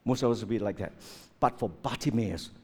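A man preaching a sermon with lots of rhetorical questions, swinging between loud outbursts and hushed asides. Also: fairly low pitch, a little fast, husky.

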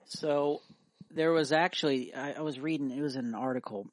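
A man's voice: on the high side, steady tone, dry recording. A young adult man co-hosting a podcast, chatting casually and telling a story with lots of ums and restarts. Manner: halting storyteller with many fillers. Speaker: podcast co-host. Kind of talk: casual chat.

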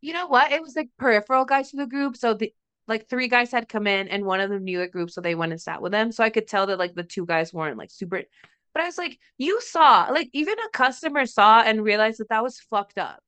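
A young woman with a bright, crisp voice, swearing freely as she tells a story on a podcast. She acts out other people's lines with lively energy. The sound is dry and close to the mic. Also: fairly high pitch, fairly quick, no room sound. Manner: animated, profane, acts out quotes of others. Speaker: podcast co-host. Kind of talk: casual storytelling chat.

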